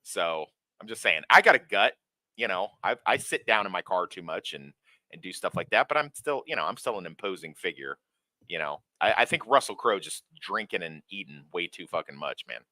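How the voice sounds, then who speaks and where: A man's voice: sits low, very animated, fairly quick, pushed and bright, no room sound. A man co-hosting a casual film podcast, joking bluntly and swearing. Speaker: podcast co-host.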